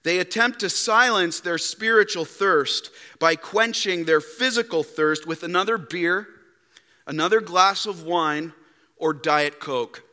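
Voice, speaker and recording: A man preaching a sermon as pastor, emphatic, dropping to quiet rhetorical questions. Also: sits high, unhurried. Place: church. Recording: long reverb in a church hall.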